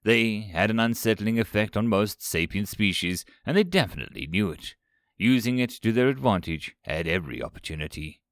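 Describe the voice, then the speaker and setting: A man narrating a science fiction story in an expressive, animated reading style. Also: lowish voice, a little fast, no echo, clean studio sound.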